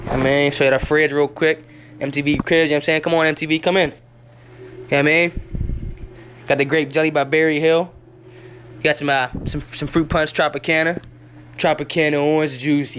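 A man's voice: on the high side, fairly bright tone, slight background noise. A young man giving a rambling, hyper home tour on a handheld camera, talking in slangy, profane bursts indoors at home.

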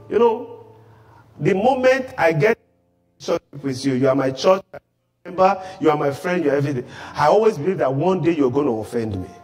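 African pastor preaching, really high voice, shouts his points, echoey church. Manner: preaching with sudden shouted emphasis. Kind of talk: sermon.

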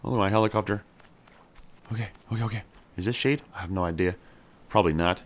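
A man's voice: fairly low pitch, fast. A man playing a survival game and chatting through it, talking to his character and cheering on each catch. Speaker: gameplay streamer. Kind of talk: casual let's-play commentary.

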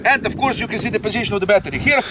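Brief: high-voiced male host, jokey and rambling, outdoor field recording with loud insect noise. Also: rapid-fire. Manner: joking, rambling, non-native phrasing. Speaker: channel host, RC pilot. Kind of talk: casual outdoor chat.

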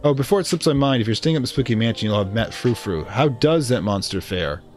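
A man's voice: mid-range voice, expressive, fast, a little mellow, soft background music, natural voice. A man voicing a prickly older woman who was an old rival of the aunt, speaking in a genteel, gossipy and slightly haughty way. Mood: grand.

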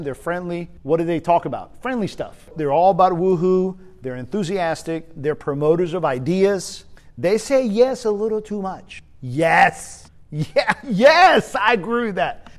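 A man giving a spoken leadership lesson, energetic and emphatic, often repeating his key points. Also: mid-range voice. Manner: energetic, emphatic, uses repetition. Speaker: leadership trainer.

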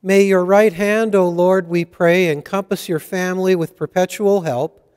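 A man leading Mass and reading scripture aloud as a priest, in a measured liturgical way. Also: high voice, fairly even intonation, a little mellow, smooth. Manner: slow, measured liturgical delivery. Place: church. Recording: church hall reverb.

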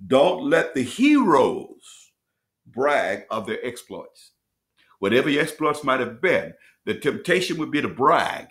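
Preaching pastor, slow emphatic scripture reading. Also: male voice, mid-range voice, expressive, a bit bright. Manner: preacherly, repeats and restates phrases; reads scripture slowly with rising emphasis. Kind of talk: bible study teaching.

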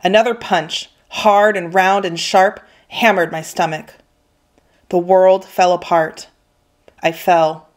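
A woman teacher reading a children's novel aloud with steady, expressive storytelling. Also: fairly low pitch, takes it slowly. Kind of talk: children's book read-aloud.

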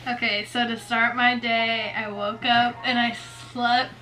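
A woman's voice: fairly high pitch, little pitch movement, a little slow, bright, forceful tone, soft background music, low-quality recording. A young woman in her twenties chatting casually on a vlog, laughing often through her words. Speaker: vlogger. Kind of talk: casual chat. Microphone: headphones on, camera mic.

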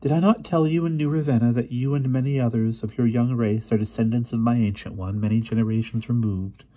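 A man reading aloud, voicing an ancient, gentle but firm sorceress spirit in a storybook. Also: medium pitch, fairly even intonation, a little fast, pitched above the performer's own voice, lightly acted. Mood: solemn.

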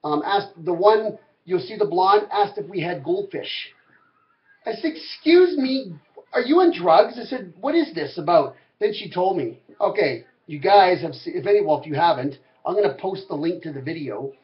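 A man's voice: high-pitched, normal speed, lo-fi sound. A man ranting to camera as a vlogger, rambling, heated and full of swearing. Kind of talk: angry rant to camera.

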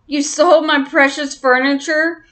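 A woman voicing a nervous, squeaky young male mouse who speaks in a distressed way in a storybook reading. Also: steady tone, unhurried, fairly bright tone. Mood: upset.

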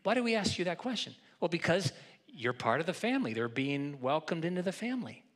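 A pastor delivers a sermon to his congregation in a church, his voice placed somewhat high for a man. He talks in a relaxed, conversational way, often doubling back on a word before finishing the thought. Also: a little fast. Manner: conversational, repeats words while restarting, teasing the congregation. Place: church sanctuary.

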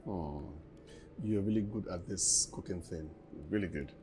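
An actor playing a wealthy boss who talks in a tired, pleading way. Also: male voice, deep voice, measured pace, background noise. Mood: appreciative. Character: wealthy boss, man, weary and gentle. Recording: music playing underneath.

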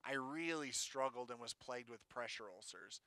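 A young man speaks to an audience about his own life, candid and plainspoken. His voice is bright and crisply clear. The recording is dry and close, with no room sound. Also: medium pitch, normal speed, no room sound. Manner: candid, plainspoken storytelling with fillers. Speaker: self-advocate speaker. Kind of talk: storytelling talk to an audience.

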